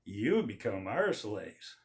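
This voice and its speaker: A man's voice: on the low side, sing-song, takes it slowly, pitched below the performer's own voice. A man voicing a boastful giant warrior who mocks his enemies. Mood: taunting. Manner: mocking, boastful.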